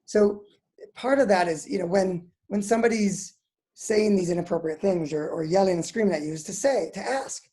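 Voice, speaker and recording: A middle-aged man, a psychologist, giving advice in an interview in a calm, measured way. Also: high-pitched.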